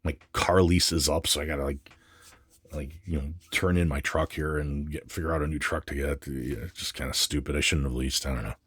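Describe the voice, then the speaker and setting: A man's voice: rumbling low, steady tone, fairly quick, fairly bright tone, husky, no echo. A man vlogging while unboxing comics, grumbling and swearing in a casual, exasperated rant. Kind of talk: casual ranting unboxing vlog.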